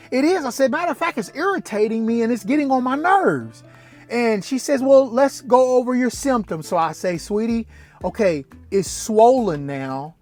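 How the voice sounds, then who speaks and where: Animated man telling a personal story. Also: high-pitched. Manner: animated, acts out dialogue, rises sharply when incredulous. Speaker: vlogger. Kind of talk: casual storytelling.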